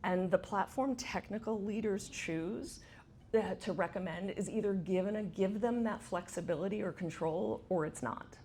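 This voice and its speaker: A woman's voice: medium pitch, normal speed, darkish tone, slight background noise. A middle-aged woman giving a conference talk, chatty, asking the audience questions. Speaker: conference speaker. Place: event space with audience.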